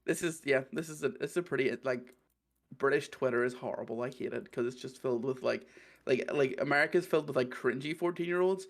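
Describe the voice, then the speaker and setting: A man's voice: medium pitch, fairly quick, vocal fry. A man with a Northern Irish accent, hosting a podcast in loose, sweary casual chat and laughing often. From Northern Ireland. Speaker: podcast host.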